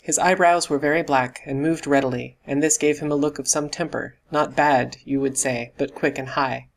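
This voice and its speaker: Male audiobook narrator, steady and even delivery, scripted reading. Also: on the high side, normal speed, gravelly.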